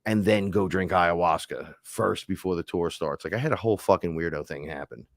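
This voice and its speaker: Man, very low voice, host, casual chat, rambling, profane, dry recording. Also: fairly quick, no room sound. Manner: rambling, profane, loose storytelling. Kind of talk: casual live-stream chat.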